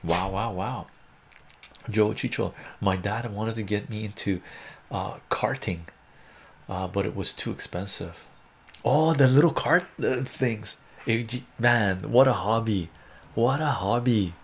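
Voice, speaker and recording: Streaming live from home with a cat meowing in the room, a man talks in a husky, fairly low voice at a measured pace. He reads viewer comments, chats casually, thinks out loud, and laughs a lot.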